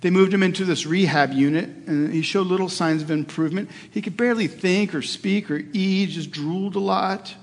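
A man's voice: high voice, moderate pace, few pauses. A middle-aged male pastor preaching a sermon, telling a personal story in an earnest way with hesitations and restarts. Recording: long hall reverb.

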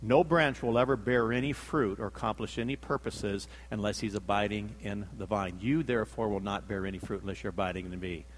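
A man's voice: lowish voice, brisk, hardly any pauses, in a large hall. A man preaching a sermon, telling the story dramatically, acting out the quotes and repeating himself for emphasis.

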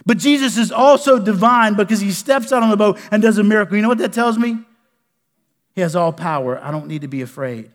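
A male pastor preaching a sermon in a folksy way, dropping to a hush and rising to loud bursts. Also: high-pitched, animated, brisk. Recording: echoey hall with long reverb.

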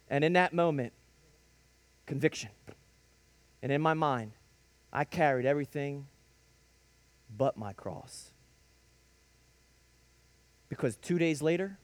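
Speaking a little slowly with long pauses, a man with a higher voice gives his faith testimony in emphatic preacher fashion. His brief, punchy sentences rise into bursts, and there's no room sound.

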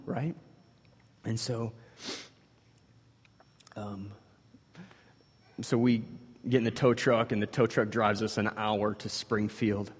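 A man in his thirties telling a personal story to an audience, animated and acting out the dialogue. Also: fairly low pitch, husky. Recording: long reverb of a large hall.

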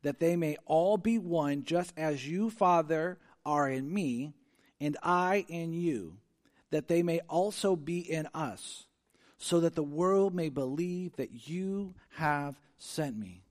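A man preaching a sermon, earnest and conversational, moving from quiet reflection to emphatic, rising delivery. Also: a little high, lively intonation, takes it slowly. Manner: conversational with frequent restarts. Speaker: pastor.

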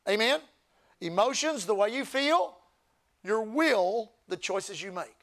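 A man with a very high voice preaches to his church, moving between quiet talk and loud shouting. He calls out for the crowd to repeat words after him. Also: lively intonation, takes it slowly. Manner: preaching, often rising to shouts with crowd call-and-response. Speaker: pastor. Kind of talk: sermon. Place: church service.

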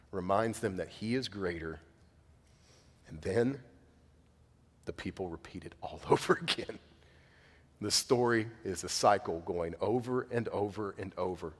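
A man in his thirties preaching a sermon earnestly, acting out the voices he quotes. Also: low voice. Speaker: pastor. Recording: long hall reverb.

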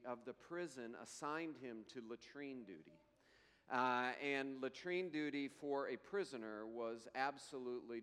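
A man preaching a sermon in an earnest way, slowing down and lifting his voice to read scripture. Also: mid-range voice, a bit bright, clear, resonant tone, big-room sound. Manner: slow, earnest preaching, rising to emphatic scripture readings. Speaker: pastor.

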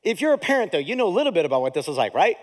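A pastor's high voice moves very fast as he delivers a lively, conversational sermon, folding jokes and acted-out voices into the teaching.

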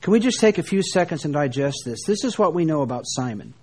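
Guy preaching a bible lesson, kinda high voice, reads verses slow w/ big pauses. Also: sing-song, a little mellow, husky. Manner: slow, deliberate reading of scripture with dramatic pauses. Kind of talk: Bible teaching sermon.

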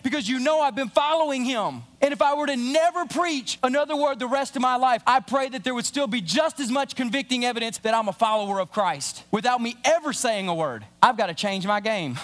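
High-voiced man preaching a sermon. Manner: animated preaching, acts out little scenes, swings from loud to hushed. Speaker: pastor. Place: church sanctuary.

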